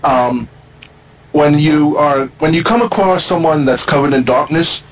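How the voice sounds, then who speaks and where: A man's voice: fairly high pitch, measured pace, poor audio. A man hosting a casual gaming podcast, giving opinions in a hesitant, conversational way. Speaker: podcast host. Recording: faint background noise.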